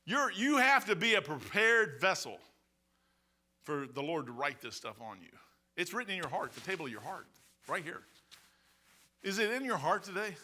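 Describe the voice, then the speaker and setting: A male pastor preaching a sermon in church, telling stories in an animated, colloquial way. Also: sits high, moderate pace, long pauses. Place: church, behind the pulpit.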